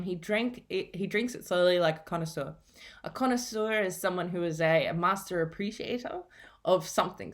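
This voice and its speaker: Female teacher, lower register, patient explainer for a recorded reading lesson. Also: fairly bright tone. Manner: patient, explanatory, repeats key points.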